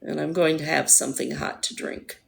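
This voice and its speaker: A woman hosting a livestream, chatting casually with viewers in a rambling way, her voice hoarse and going. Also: low-pitched, steady tone, moderate pace. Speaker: livestream host. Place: at home.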